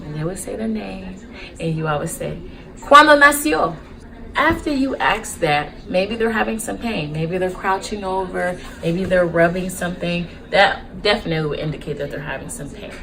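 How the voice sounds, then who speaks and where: A young adult woman, a nurse, hosting a casual teaching vlog in an upbeat, lively way, slowing down to model phrases. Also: fairly low pitch, gravelly, low-quality recording. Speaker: nurse and YouTube host.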